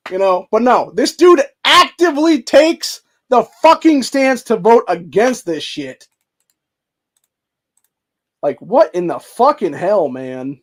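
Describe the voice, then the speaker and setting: High-voiced man in a profane rant. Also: sing-song, slow pace. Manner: profane, heated, heavy filler words like dude and bro. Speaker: commentary host. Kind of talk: angry political rant.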